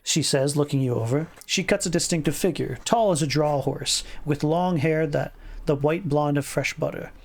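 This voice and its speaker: A man's voice: a little high, normal speed, creaky, few pauses, a little mellow. A man streaming himself reading an interactive fiction game aloud, often stumbling and rereading words, with asides of his own. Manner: stumbles and rereads words, chuckles, puts on voices for lines.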